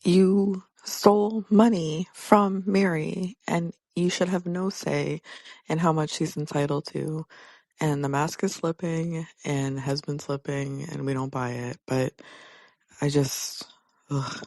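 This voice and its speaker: A woman caller leaving a voicemail message in an exasperated, rushed way. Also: deep voice, steady tone, darkish tone, dry recording.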